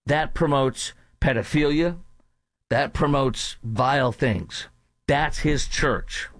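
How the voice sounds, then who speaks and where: A man's voice: medium pitch, slow pace, fairly bright tone, dry recording. A man hosting a talk radio show, delivering a combative, emphatic political monologue. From North Texas.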